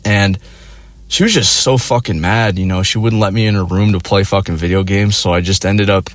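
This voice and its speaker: A man's voice: low-pitched, steady tone, brisk, dry recording. A young man telling a personal story in a crude, profane, rambling way, with lots of fillers. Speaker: vlogger. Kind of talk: casual storytelling.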